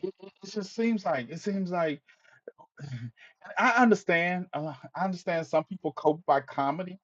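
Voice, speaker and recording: Live-stream host, male, angry and weary monologue with swearing, slightly high voice, dull audio. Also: moderate pace, a bit bright. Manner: exasperated ranting with repeated phrases and swearing.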